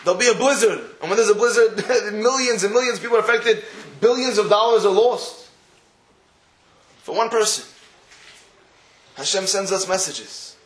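A man's voice: high voice, normal speed, pauses often, roomy sound. A man giving a sermon, telling a story and acting out the dialogue in it. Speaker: rabbi giving a talk.

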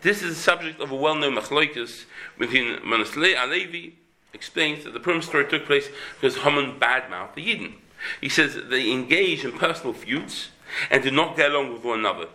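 Animated bright-voiced man teaching. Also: a little fast. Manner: animated, emphatic, with sudden rises in pitch. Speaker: Torah teacher. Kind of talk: Torah class.

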